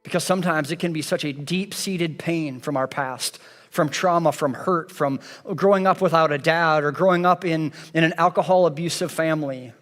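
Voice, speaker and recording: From the stage of a church sanctuary, a pastor preaches in a fairly high, slightly bright voice at normal speed, with an earnest, repetitive cadence. Soft music plays behind him, and the hall adds a long reverb.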